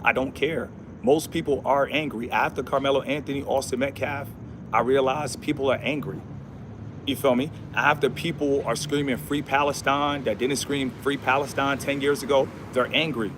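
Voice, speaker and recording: A man's voice: mid-range voice, fairly even intonation, normal speed, noisy background. A man hosting a casual livestream, talking in a preachy, repetitive way with slangy speech and Bible verses. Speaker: livestream host.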